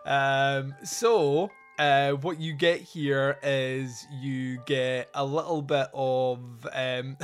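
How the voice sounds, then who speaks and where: A man's voice: mid-range voice, fairly even intonation, extremely slow, hardly any pauses, smooth, faint music behind. Man casually recapping a film. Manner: recounts scenes, laughing, quoting characters. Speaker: podcast host. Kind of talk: casual movie review chat.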